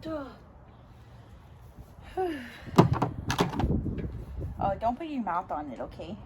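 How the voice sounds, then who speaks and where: A mom vlogger chatting casually in her backyard, relaxed with the camera and turning to sing-song baby talk with her toddler. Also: mid-range voice, drawn-out words. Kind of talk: casual home vlog chat. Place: backyard outdoors. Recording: outdoor ambient noise.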